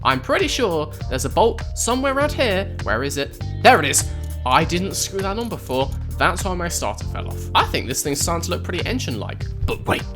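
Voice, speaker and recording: A man's voice: high-pitched, sing-song, brisk, music in the background. A man hosting a let's play video, giving playful, sarcastic commentary while talking straight to his viewers. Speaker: gaming video host.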